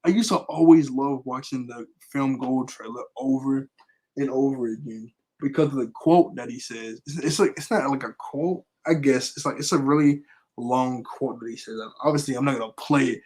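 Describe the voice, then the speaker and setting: A man chatting through a casual fan review. He rambles, fills pauses with "like" and "uh", and chuckles often. His voice sits at a middle pitch. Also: low-quality recording. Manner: rambling, with frequent fillers and chuckles. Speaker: anime vlogger.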